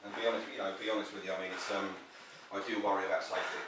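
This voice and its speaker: A man with a lowish voice talks quickly and earnestly, reassuring a contestant and warning him to be careful. He sounds distant from the mic, in a very echoey room with clear background noise. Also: little pitch movement. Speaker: host. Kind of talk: urging a contestant during a food challenge. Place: indoors at a food challenge venue.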